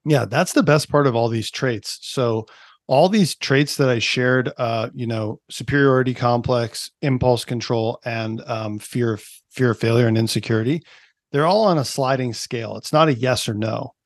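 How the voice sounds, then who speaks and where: A man's voice: medium pitch, normal speed, no room sound, clean studio sound. A man from Canada in his thirties, a performance coach chatting on a podcast, explaining ideas with lots of "like" and "right?". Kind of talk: casual podcast interview.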